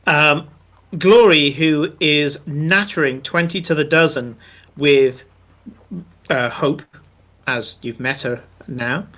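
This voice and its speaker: Acting as game master for a tabletop game, a man with a slightly high, bright, forceful voice describes scenes at length. He takes his time, filling the narration with plenty of ums and uhs.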